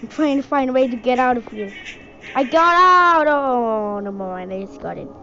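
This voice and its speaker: A woman from India giving excitable let's-play commentary, yelping and exclaiming as she plays. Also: high-pitched, moderate pace. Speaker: gaming channel host. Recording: dull lo-fi audio with game music. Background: game music.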